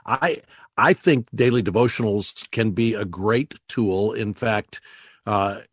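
A man hosting a call-in radio show, talking callers through ideas and slowing down to stress words as he teaches. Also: fairly low pitch, slightly rough, no echo, clean studio sound. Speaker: radio host.

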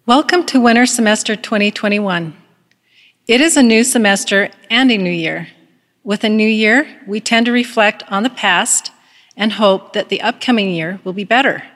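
A woman's voice: mid-range voice, moderate pace, fairly bright tone. Earnest woman speaker in a reverberant hall. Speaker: devotional speaker. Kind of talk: devotional address with story reading.

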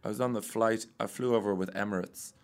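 Irish comedian guest, lowish voice, dry self-deprecating delivery. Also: male voice, fairly even intonation, fast talker. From Ireland. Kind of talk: casual comedic chat.

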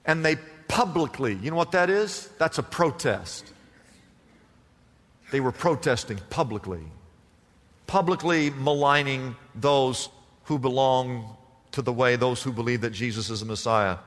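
A man's voice: medium pitch, unhurried, fairly bright tone. A man preaching a sermon to a congregation and drawing answers from them with questions, recorded in a church. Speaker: pastor. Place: church sanctuary. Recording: long reverb from a large room.

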